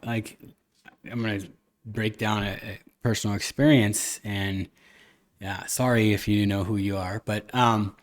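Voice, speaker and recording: A man hosting a casual podcast chat, earnest and rambling, with many restarts and fillers. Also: on the low side. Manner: earnest, occasionally cusses. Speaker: podcast host.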